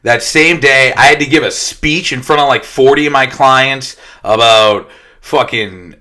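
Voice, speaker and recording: A man's voice: medium pitch, measured pace, sharp tone. A young man telling his own recovery story in a casual, blunt way, swearing constantly as he talks. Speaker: detox center worker sharing his recovery story.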